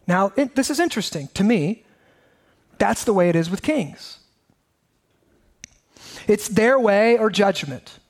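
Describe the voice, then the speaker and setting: A man's voice: high-pitched, expressive, unhurried, long pauses. A pastor preaching a sermon in a conversational way, asking his listeners many rhetorical questions.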